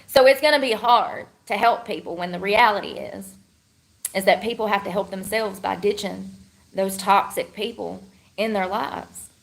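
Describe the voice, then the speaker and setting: A woman's voice: mid-range voice, moderate pace, creaky. A woman chatting casually with her livestream viewers in a blunt, rambling, slangy way.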